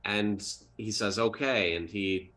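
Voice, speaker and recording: A man takes his turn at a tabletop role-playing game, describing his character's actions haltingly. His voice sits low but sounds bright. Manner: hesitant, halting. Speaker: player.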